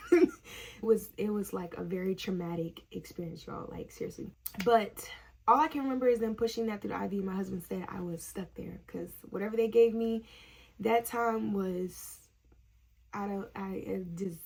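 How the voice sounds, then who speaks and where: Young woman vlogger, gravelly and a bit husky, casual story-time chat, laughs often, lots of "like". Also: mid-range voice, normal speed, darkish tone. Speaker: vlogger, nursing student.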